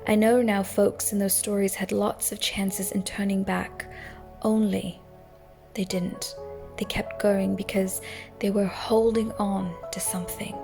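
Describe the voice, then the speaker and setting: A woman voicing a loyal, earnest young male hobbit gardener in an amateur English accent, speaking in a hushed, heartfelt way. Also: mid-range voice, level tone, a little slow, vocal fry, soft background music. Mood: tender, consoling. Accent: English (put on). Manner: heartfelt, consoling speech.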